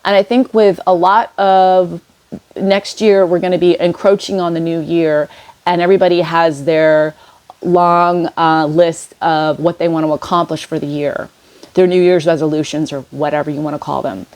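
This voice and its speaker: A woman speaks in a casual, meandering way about spiritual lessons, her voice sitting a little low. She pauses often, restarts her sentences and fills gaps with ums and you-knows, sounding like an unscripted vlog. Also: fairly even intonation, a little mellow. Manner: rambling, many fillers and restarts. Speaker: spiritual vlogger. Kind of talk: casual inspirational monologue.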